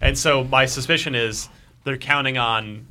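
A man's voice: mid-range voice, normal speed. A man hosting a casual podcast chat, joking around and leading into each segment. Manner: animated, joking, introduces segments. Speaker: podcast host.

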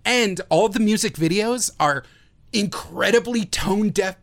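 A podcast co-host talking in casual chat at a middle pitch. The delivery is wry, with mocking asides. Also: unhurried.

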